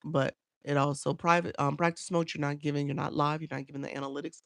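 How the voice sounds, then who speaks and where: A chatty woman with a gravelly, creaky edge to her voice coaches live streamers and answers viewers by name. She repeats her points as she goes. The sound is dry and close, recorded on a phone. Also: deep voice, little pitch movement, fast, dry recording.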